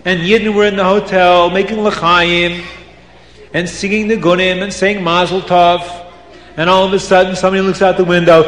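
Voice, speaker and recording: A man telling a folk tale to children, with animated, dramatic narration. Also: high-pitched, moderate pace. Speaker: storyteller. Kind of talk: storytelling to children. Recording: roomy hall reverb.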